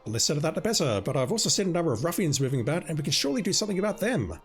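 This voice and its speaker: A hoarse man voicing an earnest young male hobbit who rallies a crowd with lofty speeches. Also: a little high, big pitch swings, racing, faint music behind, pitched above the performer's own voice.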